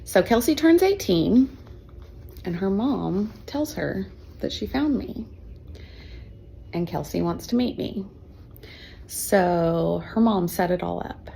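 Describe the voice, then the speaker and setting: A woman's voice: medium pitch, lively intonation, slow, creaky, long pauses, mellow, slight background noise. A woman in her fifties, a teacher, telling her own adoption story in an emotional, chatty way with fillers and laughs. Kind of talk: personal storytelling.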